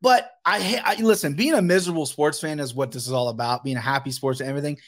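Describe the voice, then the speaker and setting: A man appearing as a podcast guest, talking as a frustrated fan in animated, profane rants. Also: on the high side, fast talker. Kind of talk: casual sports podcast chat.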